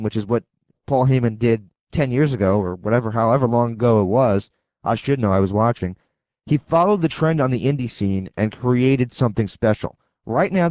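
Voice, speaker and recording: A man's voice: medium pitch, a little mellow, no room sound. Blunt, opinionated man on dull radio. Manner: blunt, opinionated, quick to rant. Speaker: radio show co-host. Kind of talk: casual radio debate. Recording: dull dry AM radio broadcast.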